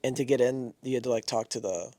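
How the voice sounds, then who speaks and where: A young man co-hosting a podcast, telling animated stories full of slang and swearing. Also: mid-range voice, fast, no room sound. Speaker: podcast co-host. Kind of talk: casual chat.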